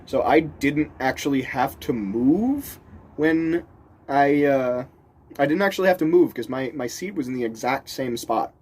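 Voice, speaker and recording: A man's voice: medium pitch, measured pace, slightly rough. Rambling, laughing male storyteller. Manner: rambling, restarts sentences, laughs often; animated, voices the people he quotes. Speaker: vlogger telling a story. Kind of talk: casual storytelling.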